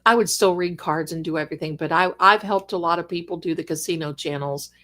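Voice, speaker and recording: An older woman hosting a psychic live stream in casual, affectionate chat, calling her viewers darlings, with bursts of lively excitement. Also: lowish voice, fast talker. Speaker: psychic livestream host.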